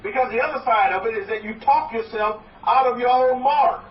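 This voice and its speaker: A man's voice: very high voice, fairly quick. A man preaching a sermon as a rabbi, exhorting his listeners and rambling with restarts, often acting out what doubters say. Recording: echoey, distant, muffled room recording.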